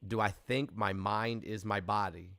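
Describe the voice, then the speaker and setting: A man's voice: on the low side, fairly even intonation, moderate pace, vocal fry, pushed and bright. A man arguing casually on a call-in show, blunt and skeptical, answering with curt denials. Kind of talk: casual debate.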